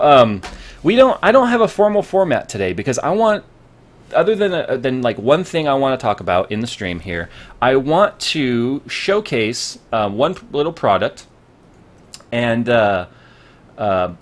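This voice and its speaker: A man's voice: medium pitch, big pitch swings, unhurried. A man hosting a live tech stream, chatting casually in a jokey, rambling way.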